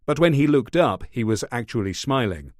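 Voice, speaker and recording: A man narrates a thriller audiobook in a steady, measured, scripted delivery. His voice is mid-range, and the recording is dry and studio quality.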